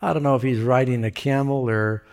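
Man preaching an animated story sermon. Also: fairly quick. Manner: animated retelling, voices characters with pitch jumps.

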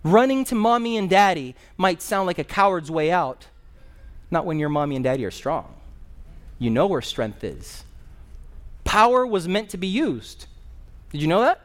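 A man's voice: high voice, expressive, moderate pace, pauses often. A male pastor preaching a sermon in a conversational storytelling manner, with personal asides.

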